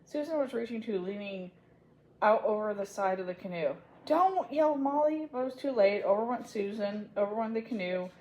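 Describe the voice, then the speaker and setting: A woman reading a children's chapter book aloud in a gentle, unhurried storytelling manner. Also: medium pitch, highs cut off, a little hiss or hum. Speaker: storybook reader.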